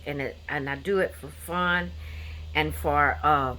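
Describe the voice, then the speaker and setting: A woman's voice: sits low, measured pace, pushed and bright. A woman hosting a coloring channel, chatting casually about her finished pages in an easygoing, rambling way with lots of fillers.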